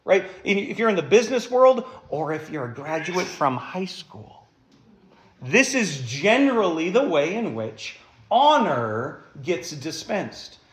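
Male pastor, fairly high voice, emphatic sermon delivery with rhetorical questions, echoey church room. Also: big pitch swings, a little slow.

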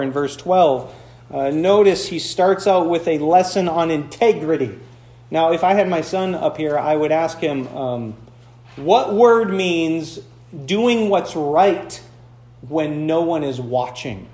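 A man's voice: on the high side, darkish tone, reverberant. A man from the Upper Peninsula of Michigan, preaching a conversational sermon with playful asides, recorded in a church. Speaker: pastor.

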